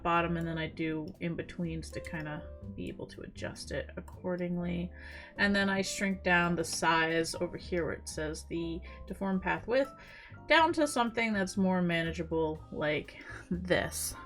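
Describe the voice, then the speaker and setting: A woman talks through a casual software tutorial at her desk mic, chatty and self-deprecating, full of fillers and playful mouth noises. Her pitch sits in a middle range for a woman. Faint music plays behind her. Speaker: tutorial creator. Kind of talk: casual screen-recorded tutorial.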